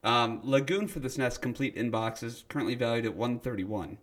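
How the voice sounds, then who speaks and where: A man's voice: mid-range voice, a little fast, fairly bright tone. A man guesting on a casual podcast, talking thoughtfully and rambling a little. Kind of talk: casual chat.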